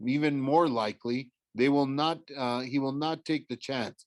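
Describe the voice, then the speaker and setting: A man's voice: mid-range voice, moderate pace, dry recording, close to an everyday voice. Agitated god pleading, urgent, man does the read.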